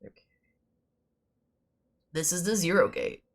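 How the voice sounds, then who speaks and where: A woman's voice: on the low side, sing-song, measured pace, gravelly. A young woman streaming a video game while sick with a sore throat, chatting casually and laughing often. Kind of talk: casual gaming stream commentary.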